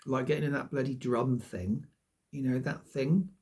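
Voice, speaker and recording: Gravelly-voiced man rambling. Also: medium pitch, fairly even intonation, moderate pace, darkish tone. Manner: rambling, self-deprecating, swears freely. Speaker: vlogger. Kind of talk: casual rambling monologue to camera.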